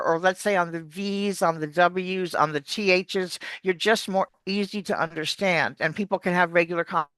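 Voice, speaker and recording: Like a lively teacher, an accent coach gives explanatory answers in an interview and demonstrates words aloud, speaking in a mid-range voice with no room sound.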